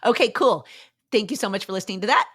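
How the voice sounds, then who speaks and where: A woman's voice: medium pitch, fast talker, a bit bright, breathy edge. A woman hosting a motivational fitness podcast, talking in an upbeat, chatty, cheerleading way and laughing often. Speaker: podcast host.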